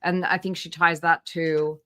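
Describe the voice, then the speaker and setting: A woman hosts a relaxed livestream with a bright, forward tone. She chats easily, greets viewers one by one and laughs often. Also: on the low side, a little slow. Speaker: livestream host. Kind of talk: casual livestream commentary.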